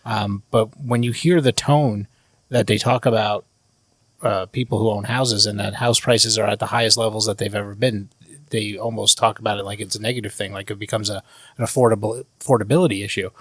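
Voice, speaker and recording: A man, a mortgage professional guest, explaining the housing market in a measured way on a podcast. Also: fairly low pitch, steady tone, dry recording.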